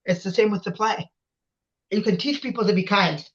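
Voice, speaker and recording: A man's voice: high-pitched, a little fast, a bit bright. A man in his twenties, a guest in an interview, talking with passion and insistence and repeating his points. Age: 20s. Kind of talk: emotional conversational interview. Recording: dull lo-fi audio.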